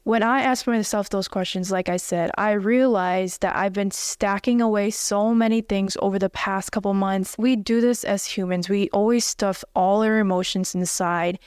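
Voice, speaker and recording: A woman's voice: medium pitch, steady tone, moderate pace, darkish tone, clean tone, dry recording, clean studio sound. A young woman giving an earnest, direct motivational self-help talk as a wellness coach. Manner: earnest and direct, blunt at times.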